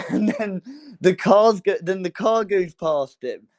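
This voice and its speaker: Podcast co-host: young man, a touch high-pitched, rambling anecdote-teller full of fillers. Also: slow pace, a little mellow. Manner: rambling storyteller, many fillers and restarts. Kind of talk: casual chat.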